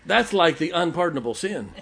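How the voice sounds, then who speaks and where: A man's voice: on the high side, very animated, a little fast, creaky, a bit bright. An older man preaching a sermon, telling folksy stories and laughing as he goes. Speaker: pastor.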